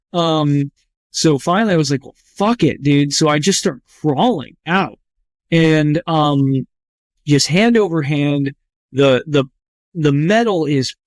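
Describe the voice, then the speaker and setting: A man with a slightly higher voice tells a harrowing story as a guest. He talks in a candid, rambling way, swears freely and leans on "like" at every turn. The recording is dry and close, with no room sound. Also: dry recording. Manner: rambling, profane, heavy with "like" fillers; vivid, tense recounting. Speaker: trauma surgeon guest. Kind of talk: candid first-person storytelling.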